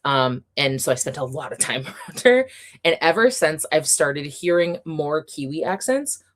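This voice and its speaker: Chatty woman with a lowish voice. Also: sing-song, normal speed. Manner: chatty and upbeat, with fillers and frequent laughs. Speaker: livestream host reading chat. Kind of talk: casual livestream chat.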